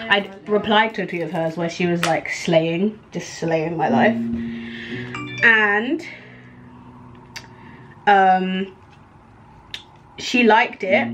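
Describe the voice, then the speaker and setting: A young woman talks straight to her handheld camera in a student kitchen, chatty and gushing with plenty of "like" fillers. Her voice sits at an ordinary middle pitch. Loud background music plays under her talk. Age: young adult. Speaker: university student vlogger. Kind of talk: casual vlog chat to camera. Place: kitchen in student accommodation, indoors. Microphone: handheld camera or phone. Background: music playing under the voice.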